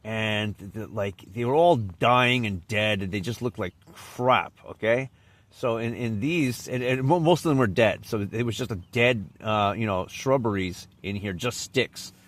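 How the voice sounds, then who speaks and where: A man's voice: lowish voice, unhurried. Rambling man telling a casual story. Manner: rambling, with frequent restarts and trailing off. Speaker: vlogger.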